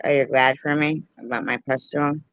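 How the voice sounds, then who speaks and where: A woman livestreamer telling a story and joking with her viewers in an animated, playful way, on a dull, dry lo-fi recording. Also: very deep voice, no echo. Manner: animated, jokey, slow and drawn out. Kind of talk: casual storytelling and chat.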